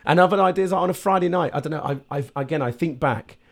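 Man telling lively stories. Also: on the high side, fast talker, creaky. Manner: animated storyteller who acts out little voices. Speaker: podcast guest. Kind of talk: casual podcast conversation.

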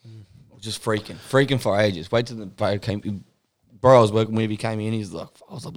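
Low-voiced blunt bloke. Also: male voice, a little fast. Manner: blunt, swearing. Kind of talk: crude storytelling banter.

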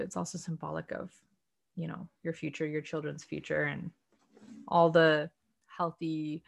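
A woman leading a casual book study discussion, thinking aloud in a chatty, earnest way with soft laughs. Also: fairly low pitch, creaky. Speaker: study group discussion leader.

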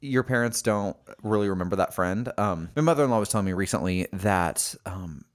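A man co-hosting a casual podcast, playful and giggly with quick comebacks. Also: lowish voice, expressive. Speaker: podcast co-host. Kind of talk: casual banter.

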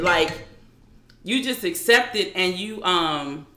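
Woman guest telling her story, halting and restarting a lot, bright voice, roomy echo. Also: fairly low pitch, expressive, faint music behind. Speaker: interview guest. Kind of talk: recounting a personal story.

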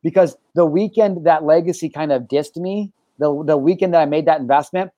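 Male live-show host, slightly high-pitched, lively swearing storyteller, dry close sound. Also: a little fast, no echo, highs cut off. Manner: energetic, animated storyteller, swears freely. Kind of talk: casual live-stream chat and storytelling.

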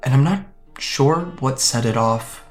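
In an audio drama, an actor in his twenties plays a guarded young man from Japan recounting how he fled home, speaking hesitantly and haltingly with a wry edge. His mid-range voice sounds natural over soft background music.

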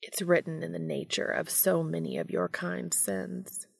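A hushed, formal male creature speaks of devotion in a low, slow murmur, as a woman reading aloud puts him on. His tone is calm and possessive, with a gravelly rasp underneath. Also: dry recording, studio quality, heavily acted. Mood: hushed, tender. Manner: soft, formal, murmuring near a whisper.

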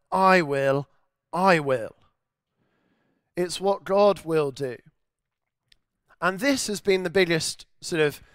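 A man delivers a sermon in an earnest, emphatic way, driving his points home through repetition. His voice sits fairly high and comes across smooth and clear. The recording is dry, with little room sound. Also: no room sound. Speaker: preacher.

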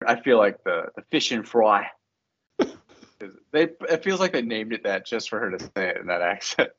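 A man's voice: fairly low pitch, animated, normal speed, a bit bright, lo-fi sound. Hesitant, musing podcast co-host man. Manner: thinking aloud, hesitant, hedging. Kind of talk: casual chat about a TV show.

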